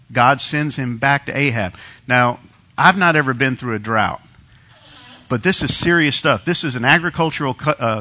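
A man's voice: mid-range voice, bright, forceful tone, highs cut off. A man preaching a conversational sermon, retelling a story with quoted asides.

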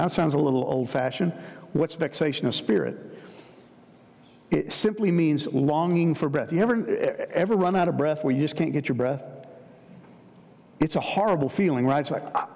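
A man's voice: on the high side, normal speed, gravelly, a little mellow. Earnest preacher man in a reverberant hall. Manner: earnest, repetitive emphatic phrasing, addresses listeners as guys. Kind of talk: sermon.

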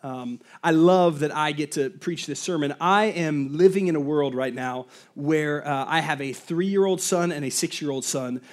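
A man in his thirties preaching a sermon, telling a personal story in a lively way with frequent fillers and asides. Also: on the high side, normal speed, hardly any pauses. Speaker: pastor.

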